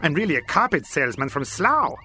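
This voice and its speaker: A man's voice: on the high side, big pitch swings, a little fast, pushed and bright, soft background music, heavily acted. A man playing a pompous professor in a comedy sketch, theatrical and plummy. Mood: boastful. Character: pompous male professor, smooth inventor.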